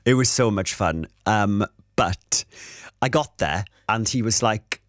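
A man presenting on the radio, chatting playfully with a colleague and laughing often, his voice a little croaky after a late night. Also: fairly low pitch, takes it slowly, no echo, clean studio sound. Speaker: radio presenter covering a show. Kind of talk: casual on-air chat.

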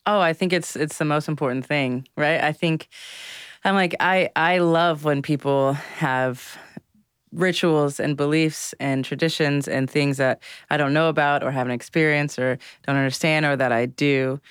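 A man's voice: on the high side, fairly even intonation, normal speed, fairly bright tone, clean tone, no echo. A man speaking as a radio interview guest, reflective and thoughtful, on a studio microphone.

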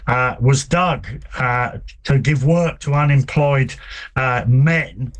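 A man, a book author answering interview questions in a relaxed, hesitant way with many fillers. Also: mid-range voice, slow pace. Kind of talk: conversational interview.

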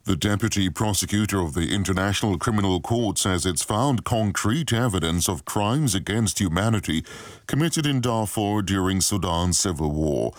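Deep-voiced male newsreader, dry studio. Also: lively intonation, no room sound. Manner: measured, formal. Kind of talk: news bulletin reading. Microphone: studio mic.

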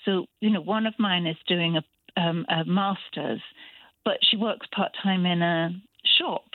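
A woman's voice: lowish voice, unhurried, no room sound. A middle-aged woman speaks down a tinny, narrow phone line as a caller to a radio show. Her voice is dry and close, with no room sound. She talks reflectively and falls back on fillers as she thinks. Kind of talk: phone-in chat.

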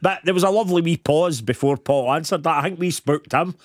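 A man's voice: a little high, dry recording, clean studio sound. A man with a Scottish accent hosting a casual football chat show, rambling and laughing easily. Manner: chatty, rambling, quick to laugh. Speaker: radio football show host.

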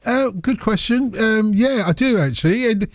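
A man's voice: sits high, animated, no echo, studio quality. A man hosting a live sports phone-in, joking and teasing his guests. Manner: bantering, teasing, quick asides. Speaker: radio phone-in host. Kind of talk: live sports talk radio. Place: radio studio. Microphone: studio microphone.

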